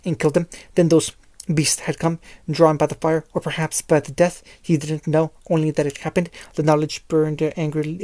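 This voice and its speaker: A narrator reads a fan fiction story aloud in a flat, narrow voice and keeps stumbling and restarting phrases. The sound is close and completely dry, with no room at all. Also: medium pitch, dry recording.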